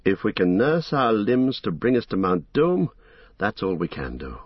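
A man reading the part of an earnest young male hobbit, gentle, thoughtful and resigned, on a dull lo-fi recording. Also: lowish voice, sing-song, normal speed, breathy edge, dry recording. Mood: somber.

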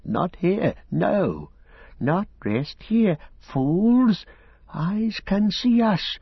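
Gollum, a hissing frantic creature. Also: male voice, sing-song, extremely slow, vocal fry, slightly rough, no echo, full character voice. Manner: hissing, high and urgent. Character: wretched hissing male creature, frantic and fearful. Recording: dull lo-fi recording.

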